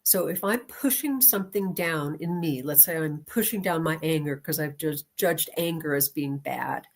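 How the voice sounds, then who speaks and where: Lower-voiced woman telling a lively story. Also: normal speed. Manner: animated storyteller who laughs often. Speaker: guest teacher and lecturer. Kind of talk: storytelling in an interview.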